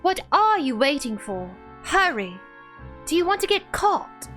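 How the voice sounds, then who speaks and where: A woman's voice: high-pitched, sing-song, a bit bright, soft background music, voice pushed up, exaggerated voice. A woman putting on a posh British rebel lady. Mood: urgent, brisk. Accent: put-on posh British. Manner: brisk and commanding. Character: stern upper-class British rebel woman.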